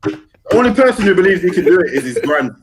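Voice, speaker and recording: Slangy man, fairly high voice. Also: sing-song, fast, a crowd in the background. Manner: slangy, keeps asking if you get what he's saying. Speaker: podcast co-host. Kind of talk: casual football podcast chat.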